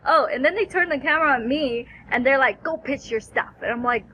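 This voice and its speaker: A woman vlogger telling a rambling, animated story full of fillers and quoted asides. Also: high-pitched, brisk, a little hiss or hum, rough recording. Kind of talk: casual recap vlog.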